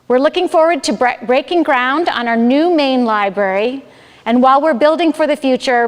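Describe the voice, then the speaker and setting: High-voiced woman in a reverberant hall. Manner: reads prepared remarks, measured. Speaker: library director. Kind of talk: formal welcome and announcements. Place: town hall event space. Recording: roomy hall with long reverb.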